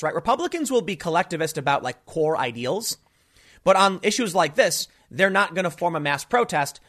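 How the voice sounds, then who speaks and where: A man's voice: a little high, fairly bright tone. A man delivering a casual political opinion monologue to camera, rambling with frequent restarts and fillers. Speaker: political commentator.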